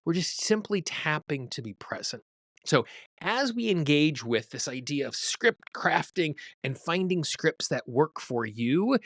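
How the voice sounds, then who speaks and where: A man's voice: a little high, a bit bright, no room sound, studio quality. A man hosting a tapping show, teaching in a conversational way with everyday examples. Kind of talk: instructional talk to camera.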